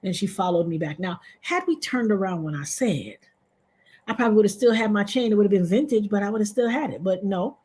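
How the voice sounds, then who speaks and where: A woman hosting a livestream, telling a personal story in a casual, animated way and jumping to loud, high exclamations. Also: a little fast, breathy edge.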